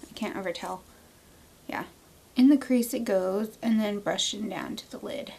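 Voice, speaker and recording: A woman's voice: medium pitch, normal speed, gravelly, warm tone, husky. A woman in her thirties chatting casually through a makeup tutorial at home, playful and prone to inventing silly words as she works. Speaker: beauty vlogger. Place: at home, indoors.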